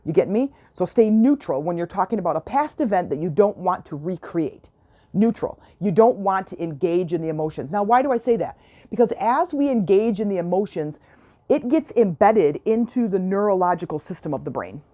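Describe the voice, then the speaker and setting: A woman's voice: mid-range voice, expressive, a little fast, dark tone. A woman hosting a self-help podcast, talking in a chatty, earnest coaching style, repeating her points and often checking that the listener is following. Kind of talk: casual coaching monologue.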